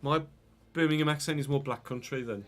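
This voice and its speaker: A man with a cough, streaming a football game and commentating live, excitable and swearing freely while chatting to viewers. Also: mid-range voice, brisk. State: unwell, coughing. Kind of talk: live gameplay commentary and casual chat.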